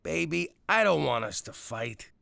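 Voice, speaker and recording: Gravelly New York mob dad. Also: male voice, on the high side, very animated, measured pace, no room sound, full character voice. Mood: blustery. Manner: blustering, gravelly, soft with his daughter. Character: middle-aged ex-mob boss father, blustery.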